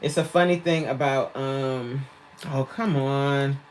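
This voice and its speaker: A woman's voice: a bass voice, slow, a little hiss or hum. A woman fitness coach chatting on a livestream, reading viewer comments aloud, laughing often, recorded on a tablet mic. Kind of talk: casual livestream chat.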